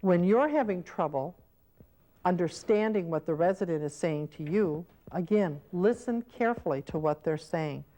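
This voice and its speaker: A woman's voice: lowish voice, expressive, normal speed, warm tone. A woman teaching caregivers in an instructional training video, explaining patiently and acting out short example scenes. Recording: old VHS training tape.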